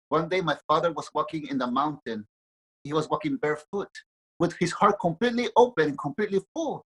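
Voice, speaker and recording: A man, a spiritual teacher, telling a dream story in an interview with gentle, lively storytelling. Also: on the high side, breathy edge, rough recording.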